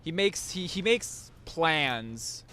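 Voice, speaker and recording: A man's voice: on the high side, expressive, slow pace, sharp tone. Rambling young man recapping a show. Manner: rambling, recaps with many restarts and fillers. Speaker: podcast host. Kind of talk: casual chat.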